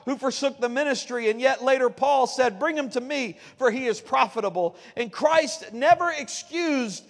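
High-voiced preaching man in a reverberant hall. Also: moderate pace, creaky. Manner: preaching, rising to fervent shouts at the climax. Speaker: pastor. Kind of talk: sermon. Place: church sanctuary. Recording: long reverb of a church hall.

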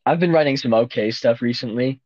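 A man's voice: mid-range voice, a little fast, a little mellow, no echo. A man co-hosting a casual podcast, joking around with random bits and silly asides. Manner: jokey, random bits, sings silly tunes. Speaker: podcast co-host. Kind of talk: goofy casual chat. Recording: dull, dry lo-fi sound.

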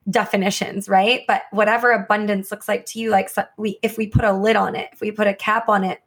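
A woman with a middle-pitched voice musing in a relaxed podcast chat. She talks reflectively, circling back on her own thoughts, and keeps checking in with little tag questions. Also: brisk, husky. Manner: reflective, rambling, says right and like often.

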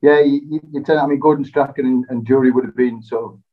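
A man's voice: mid-range voice, fast talker. Laid-back man, slightly muffled. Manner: relaxed, self-deprecating, laughs often. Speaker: interview guest, former footballer. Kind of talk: casual interview storytelling. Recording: slightly dull lo-fi sound.

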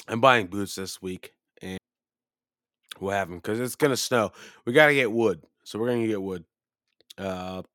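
A man's voice: dry recording, studio quality. Profane rambling man around thirty. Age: 30s. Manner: profane, rambling, gets loud and high when ranting. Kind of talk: casual storytelling chat.

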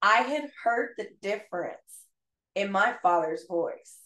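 A woman's voice: medium pitch, lively intonation, measured pace, fairly bright tone. Reflective woman teacher, roomy echo. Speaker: podcast guest and teacher. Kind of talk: casual podcast conversation. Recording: roomy echoey sound.

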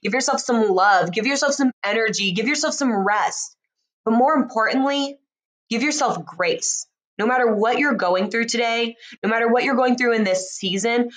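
A woman's voice: a little high, moderate pace. A woman coach giving an earnest, heartfelt morning motivational talk, chatty and laughing now and then. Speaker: life and relationship coach.

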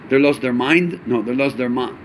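A man teaching a chassidic Torah class, animated, asking rhetorical questions and mixing in Yiddish and Hebrew terms. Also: medium pitch, a little slow, a little hiss or hum.

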